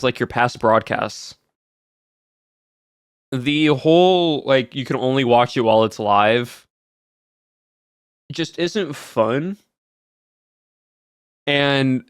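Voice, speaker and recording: A man's voice: mid-range voice, clean tone, no room sound, studio quality. A man streaming, chatting casually with his viewers in a rambling way with many fillers and answers to chat.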